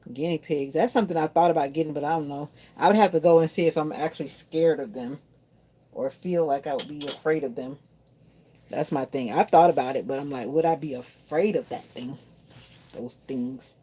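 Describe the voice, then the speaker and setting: A woman's voice: deep voice, a little fast, dark tone, husky. A woman chatting casually to her viewers while doing laundry at home, rambling from one thought to the next. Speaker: vlogger. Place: home in Florida.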